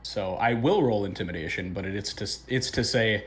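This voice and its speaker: A man's voice: fairly low pitch, brisk, few pauses. A man playing a tabletop game, talking in a hesitant, self-correcting way. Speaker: player.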